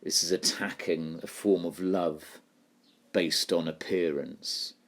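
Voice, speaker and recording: Man, low voice, literature teacher, talks through a poem, asks questions as he thinks. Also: fairly even intonation, takes it slowly, fairly bright tone. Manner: thinking aloud, posing questions to students. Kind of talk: recorded poetry lesson.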